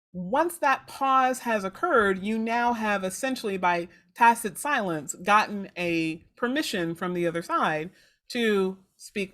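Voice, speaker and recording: A woman's voice: mid-range voice, a bit bright. A woman hosting a podcast, coaching listeners on intake calls and acting out sample phone lines. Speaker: podcast host and law firm trainer. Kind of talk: instructional podcast talk.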